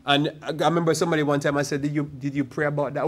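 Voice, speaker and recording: A male pastor preaching a sermon in a church, his voice sitting a touch higher than most men's. He talks in an easy, conversational way and slips in stories from church life. He slows right down to stretch out the phrases he wants to land. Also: fairly even intonation. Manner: drawn-out emphasis on key phrases. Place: church sanctuary.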